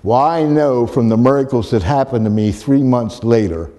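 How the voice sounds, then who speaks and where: A man's voice: mid-range voice, normal speed, dark tone, big-room sound. A man recounting a personal experience in a rambling way, with many restarts and repetitions. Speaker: storyteller. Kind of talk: personal storytelling.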